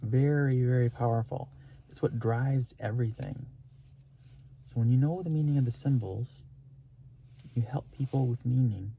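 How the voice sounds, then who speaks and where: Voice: mid-range voice, moderate pace, vocal fry, long pauses, dark tone, muffled recording, slight background noise. A vlogger telling a story in a rambling, gushing way, with many fillers and restarts and an earnest, spiritual tone. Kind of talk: casual storytelling vlog.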